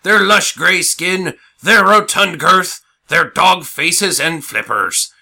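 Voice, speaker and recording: A man voicing a dim, lonely pirate in a comedy ad skit, with slow drawling pirate talk. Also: high voice, creaky, sharp tone, full character voice. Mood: lonesome.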